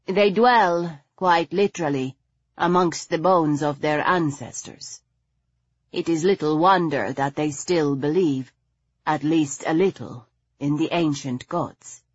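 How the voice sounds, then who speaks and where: A woman reading the part of a refined, patient aristocratic lady who speaks in a measured, gently chiding way. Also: low-pitched, husky, no room sound, dull audio, full character voice.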